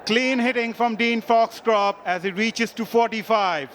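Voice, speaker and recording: Excitable high-voiced cricket commentator. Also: male voice, unhurried. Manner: excitable, rising to shouts on big hits. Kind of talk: live sports commentary. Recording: loud stadium crowd and ambient noise behind. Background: cheering stadium crowd.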